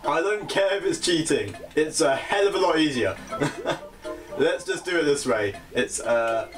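A young British man chatting casually as he plays a video game, self-mocking and quick to laugh at his own slips. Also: a little high, expressive. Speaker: gaming channel host. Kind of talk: casual let's-play commentary. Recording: game music playing behind the voice.

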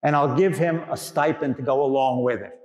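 An older New man voicing a gruff, blunt older male Bronx university dean in a sermon story. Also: medium pitch, a little fast, a little mellow, lightly acted. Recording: echoey hall with long reverb.

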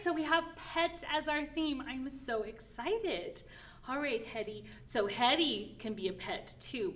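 A woman who is a children's librarian leads a toddler storytime in a playful, animated way. She gasps in surprise and drops into hushed asides. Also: a little high.

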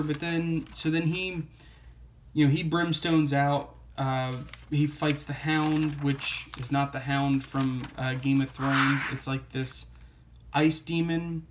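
A man's voice: on the high side, takes it slowly, a little hiss or hum. A man reviewing a comic book in a casual vlog, rambling and wry, full of fillers and restarts.

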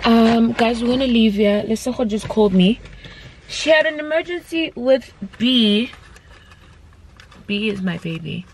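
A young woman chatting excitedly to her viewers in a casual vlog, filmed on a handheld phone. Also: a little high, a little slow, rough recording. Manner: excited, talks straight to viewers. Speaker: vlogger. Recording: loud traffic and street noise.

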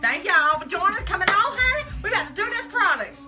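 A woman's voice: very high-pitched, big pitch swings, quick pace. A woman co-hosting a makeup livestream, sassy and chatty, calling everyone honey and child. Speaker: livestream co-host. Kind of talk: casual livestream banter. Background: background music.

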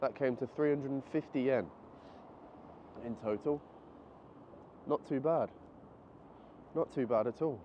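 A chatty, excitable male travel vlogger walks a city street and goes into a convenience store, thinking aloud and a bit out of breath. His mid-range voice is a little slow with frequent pauses, and the muffled camera audio catches street noise outdoors.

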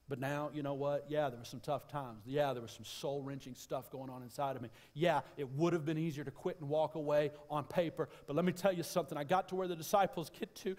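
This pastor's voice sits on the high side, steady and a little mellow, and he talks fast. Recorded live in a church auditorium with long reverb, his sermon is conversational and full of repeated phrases.

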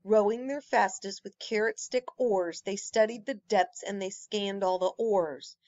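A woman reading a rhyming children's picture book aloud with an expressive, rhythmic delivery. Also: mid-range voice, a little slow, dry recording, lo-fi sound. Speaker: storyteller.

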